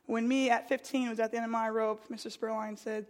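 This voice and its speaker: A woman's voice: fairly high pitch, level tone, a little fast. A young woman preaching a conversational sermon, earnest, telling stories and repeating her phrases for emphasis.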